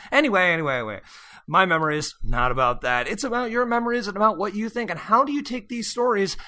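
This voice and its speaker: Male host, casual upbeat promo read, slightly high voice with a tense, bright edge. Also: brisk. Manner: chatty and upbeat, with joking asides. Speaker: podcast host. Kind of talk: casual podcast intro and announcements.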